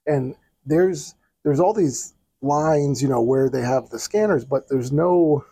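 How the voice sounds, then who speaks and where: A man co-hosting a podcast in casual chat, relaxed and chiming in with complaints. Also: medium pitch, breathy edge, no echo. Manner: relaxed, backchanneling, quick complaints. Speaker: podcast co-host. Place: hotel balcony outdoors.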